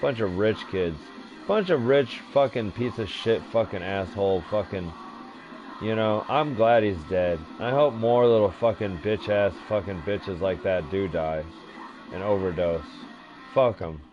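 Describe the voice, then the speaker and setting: A young man tells a rambling story in a loose, crude way, swearing heavily and piling on fillers. His voice sits fairly low. The recording sounds dull and lo-fi, with faint music underneath. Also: unhurried. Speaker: vlogger. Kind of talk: rambling casual monologue.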